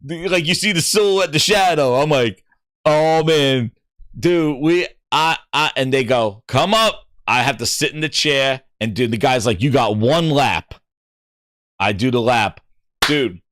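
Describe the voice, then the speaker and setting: A middle-aged man hosting a gaming show, telling an excitable story and acting out what other people said. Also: on the high side, a little slow, no echo, studio quality. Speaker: gaming podcast host. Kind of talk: animated storytelling.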